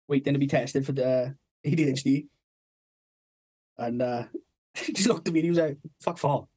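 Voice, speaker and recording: A man's voice: medium pitch, moderate pace, mellow, husky. A young man co-hosting a podcast, telling rambling stories in casual chat, swearing freely and laughing through them. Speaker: podcast co-host.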